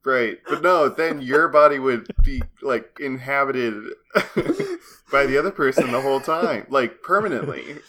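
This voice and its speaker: A man in casual podcast chat, giggly and quick to react. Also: mid-range voice, pushed and bright.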